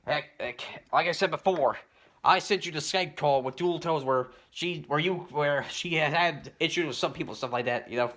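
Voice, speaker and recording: A man with a slightly high, bright, ringing voice rants in a loose, rambling way. He keeps circling back with "you know" and "stuff like that", and he clears his throat between points. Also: normal speed. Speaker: commentary YouTuber. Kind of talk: rambling response rant.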